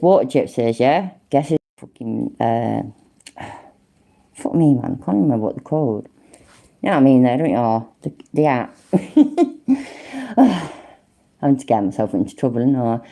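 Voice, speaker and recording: Speaking in a warm, creaky, rumbling low voice, this livestream host has an East Midlands accent from the English Midlands. She greets her viewers, answers the chat, and keeps things casual with plenty of swearing.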